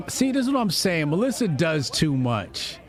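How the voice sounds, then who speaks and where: A man's voice: on the high side, very animated, moderate pace, faint music behind, some chatter behind. A man hosting a live stream, chatting loosely in slang, reading posts aloud and reacting to them. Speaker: livestream host. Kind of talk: casual live commentary.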